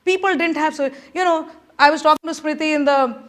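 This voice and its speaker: A middle-aged woman speaks to a conference audience in a high, bright voice. She delivers a motivational speech with animated energy, coaxing her listeners again and again to join in. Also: brisk. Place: conference room.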